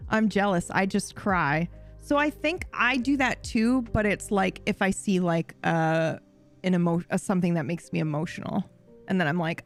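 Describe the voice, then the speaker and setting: A young woman streamer chatting casually, swearing freely and getting animated and giggly. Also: mid-range voice, normal speed, faint music behind. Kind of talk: casual chat.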